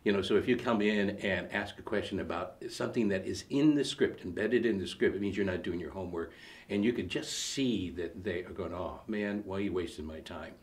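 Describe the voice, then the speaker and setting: A middle-aged man with a deep voice talks as an acting coach. He explains things in a measured way and puts questions to his co-host. His tone stays casual. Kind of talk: casual advice chat.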